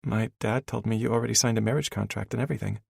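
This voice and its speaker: Brief: a man doing a blunt young mother, teasing, voice raised high, a bit husky. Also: steady tone, fast, a little mellow, dry recording, heavily acted.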